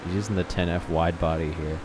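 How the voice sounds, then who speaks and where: Man, very low voice, relaxed gameplay commentary, clear game noise behind. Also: fast talker. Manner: relaxed, chatty, laughs often. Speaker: host of a racing game playlist.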